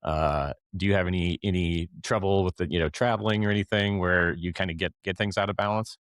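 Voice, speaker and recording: Deep-voiced, rambling interview host. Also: male voice, steady tone, a little fast, no room sound, studio quality. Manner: rambling, hesitant questions. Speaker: podcast host. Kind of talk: interview questions.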